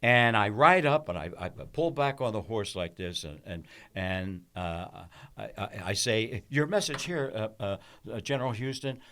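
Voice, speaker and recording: Older man, lively storyteller. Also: fairly low pitch, normal speed, hardly any pauses, clean tone. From South Philadelphia. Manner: animated storyteller who acts out quoted voices. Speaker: podcast host. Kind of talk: casual storytelling chat.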